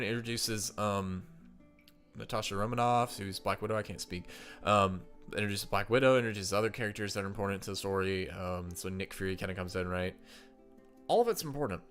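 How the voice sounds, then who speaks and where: A man's voice: fairly low pitch, fairly quick, fairly bright tone, soft background music. A stuffed-up man chatting casually to viewers while ranking movies, thinking aloud with fillers and restarts.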